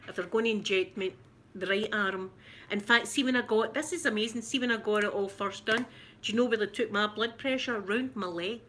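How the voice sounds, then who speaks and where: A middle-aged Scottish woman chats to her live viewers in a rambling, giggly way, often restarting her sentences. Her voice is bright and forward, with a faint hum of background noise under it. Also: medium pitch, fairly quick. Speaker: ASMR livestream host. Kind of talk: casual live chat with viewers.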